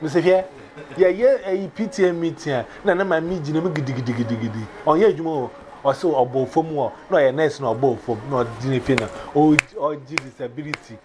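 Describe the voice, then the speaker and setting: Animated Ghanaian man telling stories. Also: fairly high pitch, fairly quick, background noise. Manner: animated, laughing, mixes Twi and pidgin. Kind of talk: casual chat.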